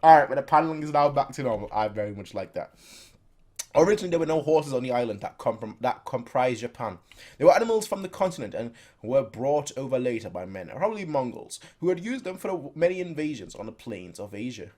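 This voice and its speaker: Lively man reacting to a manga. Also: medium pitch, fast. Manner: chatty, laughing asides. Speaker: reaction video host. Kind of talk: casual manga read-along reaction.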